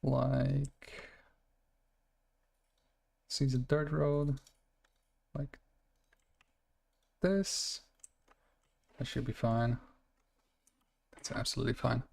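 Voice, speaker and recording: A man's voice: mid-range voice, level tone, slow pace, creaky, pauses often, darkish tone, husky. A man streaming a city-building game, chatting casually as he plays, rambling and correcting himself with little laughs. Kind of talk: casual gameplay commentary.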